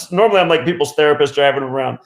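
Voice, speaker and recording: A man's voice: on the high side, brisk. A man host telling a long story in a loose, casual way, full of fillers, restarts and small chuckles. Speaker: radio host. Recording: roomy echo.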